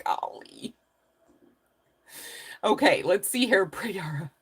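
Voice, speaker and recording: A woman's voice: lowish voice, very animated, a little slow, fairly bright tone. A woman giving a live tarot reading, talking casually, laughing often and swearing in a cheeky way. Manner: swears casually, uses slang. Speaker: tarot reader.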